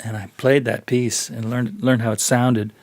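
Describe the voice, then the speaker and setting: A man in a podcast interview tells stories with lots of animation, slipping into other people's voices and laughing between lines. He is a working bassist sharing his road experience. The sound is dry and close, with a middle-pitched voice. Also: level tone, moderate pace, darkish tone, no room sound. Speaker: bassist guest. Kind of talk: storytelling interview.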